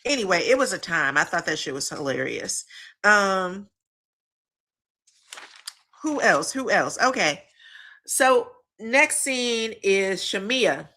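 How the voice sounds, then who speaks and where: Bright-voiced woman dishing gossip. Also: medium pitch, slow pace, long pauses. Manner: animated, profane, laughs and mimics the people she talks about. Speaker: reality TV recap host. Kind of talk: casual gossip commentary.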